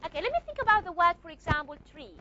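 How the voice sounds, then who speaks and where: A woman's voice: very high voice, big pitch swings, racing, pushed and bright, lo-fi sound. A woman teaching a classroom lecture, repeating and modeling sounds and checking often that students follow.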